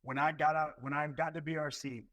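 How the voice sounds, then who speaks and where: A man in his thirties, a Marine recruiting leader and podcast guest, telling stories in a profane, animated way full of repetitions. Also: on the high side, fairly quick, rough recording. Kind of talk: casual podcast chat.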